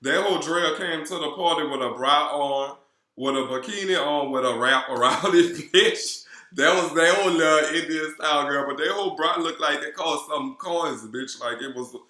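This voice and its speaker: A man with a New Orleans accent doing a casual, profane gossip recap of a reality show, sassy and animated. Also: mid-range voice. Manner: sassy, animated, swears constantly, calls viewers girl. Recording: roomy echo.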